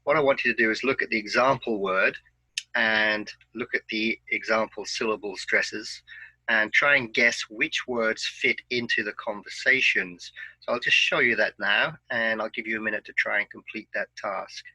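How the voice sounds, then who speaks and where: A man teaching an online English pronunciation lesson, giving patient, clear instructions. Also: fairly low pitch, steady tone, normal speed, sharp tone, dry recording, low-quality recording.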